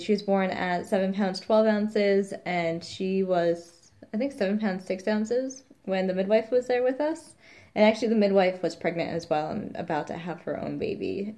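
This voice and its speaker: A woman's voice: mid-range voice, fairly even intonation, moderate pace, dark tone. A woman, a new mother, chatting casually in a rambling vlog, quoting the people around her.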